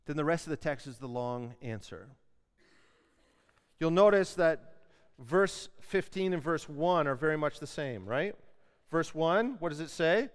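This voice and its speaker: Male preacher, higher-pitched, earnest, emphatic, reverberant church room. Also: lively intonation, measured pace, smooth. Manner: earnest, building emphasis on key words. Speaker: pastor. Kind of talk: sermon. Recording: long hall reverb.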